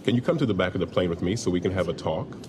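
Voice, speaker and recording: A stern air marshal, gives firm, commanding orders in a lowish voice. Steady cabin noise runs behind the film clip. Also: male voice, very fast.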